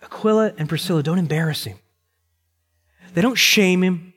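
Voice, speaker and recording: A middle-aged male pastor preaching a sermon with emphasis, slowing down to repeat key phrases. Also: high voice, fairly bright tone, faint music behind. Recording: long reverb in a large hall.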